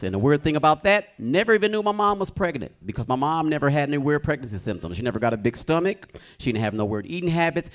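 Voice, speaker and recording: A young man from the United States performing a stand-up comedy set in a club, telling stories loudly and shouting his acted quotes. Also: medium pitch. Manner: animated, loud storytelling with shouted acted quotes. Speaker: stand-up comic. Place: comedy club stage with a live audience.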